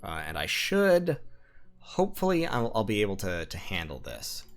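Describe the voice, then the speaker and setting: A man talks through his strategy game out loud, working methodically through plans and numbers. His voice sits low but moves with a lively, animated lilt. Soft game music plays faintly under him. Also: normal speed, vocal fry. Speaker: strategy game let's-player. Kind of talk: thinking-aloud gameplay commentary.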